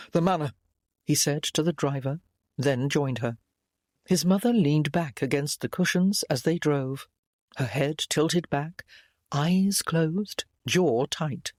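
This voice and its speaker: A male audiobook narrator telling a period romance with an animated, lively melody. The recording is dry and close, with no room sound, and his manner is expressive and engaged. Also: fairly high pitch, no room sound. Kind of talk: scripted narration.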